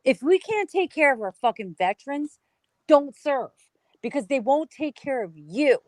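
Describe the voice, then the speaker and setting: Very animated and high-pitched, with a darkish tone and normal speed, a US woman guesting in a heated casual conversation launches into an angry rant, cursing nonstop. The recording is rough and has no room sound.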